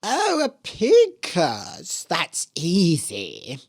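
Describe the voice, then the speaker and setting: A storyteller voicing a sly old woman from a fairy tale who speaks slowly and partly in a whisper. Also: medium pitch, wildly swooping pitch, full character voice. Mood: hushed, sly. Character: kindly-seeming old woman, secretly scheming.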